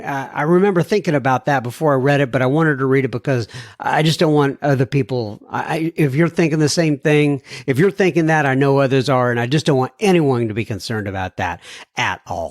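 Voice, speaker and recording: A man's voice: medium pitch, brisk, no room sound, studio quality. A man from Texas hosting a podcast, reading listener emails aloud and talking to his listeners in an earnest, rambling way with many restarts. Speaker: podcast host.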